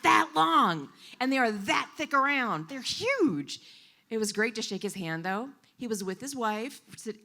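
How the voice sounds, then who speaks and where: A woman with a medium-pitched voice interprets for a storyteller at a coffee shop event, voicing the live story in an animated, expressive way.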